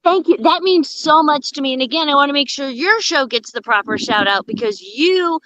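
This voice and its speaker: A woman stand-up comic telling bawdy stories as a guest in an interview, brash and animated. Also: high-pitched, moderate pace, low-quality recording. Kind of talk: comedic storytelling in an interview.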